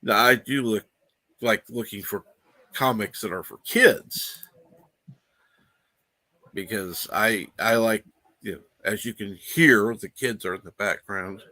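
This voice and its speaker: Slow, low-voiced man hosting a livestream. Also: sharp tone. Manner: reads viewer comments aloud and swears casually. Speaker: livestream host. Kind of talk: casual livestream chat. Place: room at home.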